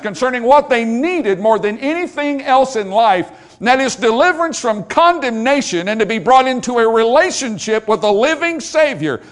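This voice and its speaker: High-voiced earnest male preacher. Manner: earnest, building emphasis with repeated phrases. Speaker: pastor. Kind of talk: sermon.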